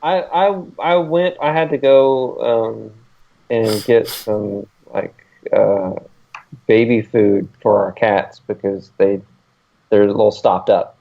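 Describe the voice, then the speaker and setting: A man's voice: on the low side, slow, creaky, narrow, tinny audio. A man co-hosting a podcast in casual chat. He talks in a laid-back, rambling way with many fillers and chuckles. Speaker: podcast co-host.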